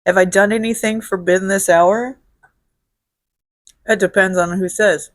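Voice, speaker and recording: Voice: medium pitch, steady tone, measured pace, no room sound, clean studio sound. Blunt, profane host from Illinois. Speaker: show host. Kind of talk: casual solo question-and-answer vlog.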